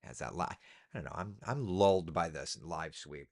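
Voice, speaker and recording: A man, a TV meteorologist, chatting casually through the weather, relaxed and talkative with asides and fillers. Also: low-pitched, moderate pace, vocal fry. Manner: relaxed, chatty, thinking aloud with ums and asides.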